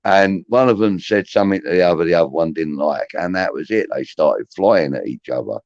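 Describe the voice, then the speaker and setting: A middle-aged man hosts a podcast, rambling through chatty anecdotes full of swearing. His low voice is brisk with a darkish tone. The recording is dry, but the audio sounds dull and muffled.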